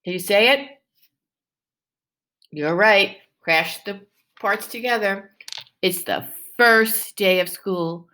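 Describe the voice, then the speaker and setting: A first-grade teacher with a mid-range voice reads a picture book aloud to young children slowly, pausing often. She is animated and encouraging, coaxing the class with exaggerated questions.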